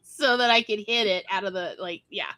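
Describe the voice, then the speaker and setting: A woman host in casual chat, talking eagerly and rambling with plenty of fillers. Her voice sits at a middle pitch. The recording is close and dry. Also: normal speed, sharp tone, no echo, low-quality recording. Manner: chatty, enthusiastic, many fillers. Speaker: host, writer.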